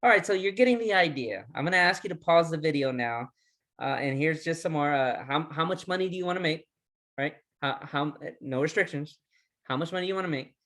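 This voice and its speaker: A man's voice: fairly high pitch, fairly quick, a bit bright. A man leading a recorded training lesson, speaking with energy, firing off repeated questions and restarting his words. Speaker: resilience trainer.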